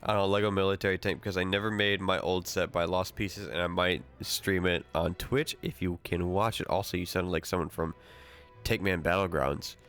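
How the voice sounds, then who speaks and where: A man streaming a video game, chatting casually, excitable and swearing a lot as he jokes along. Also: low voice, brisk, soft background music. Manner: excitable, profane, joking. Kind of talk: casual gameplay chat.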